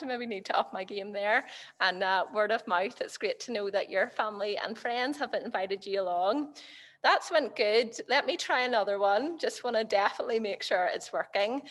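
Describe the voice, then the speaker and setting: A woman's voice: mid-range voice, fairly bright tone. A woman hosting a church webinar, upbeat and chatty. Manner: upbeat, chatty, laughs easily. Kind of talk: live-stream hosting. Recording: long hall reverb.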